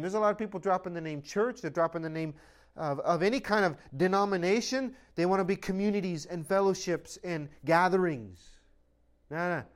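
In his sermon, a high-voiced male pastor drives each point with rhetorical questions. He preaches emphatically and without bending, insisting on what he regards as fixed truth.

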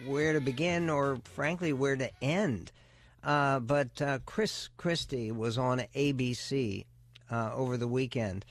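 A man hosting a talk radio show, giving opinionated political commentary in a measured, deliberate way with emphatic stresses. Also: medium pitch. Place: radio studio. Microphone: close studio microphone.

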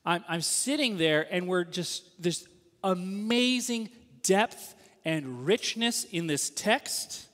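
A man in his thirties telling a story in a sermon, animated and acting out the voices of the people he quotes. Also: sits high, takes it slowly, in a large hall.

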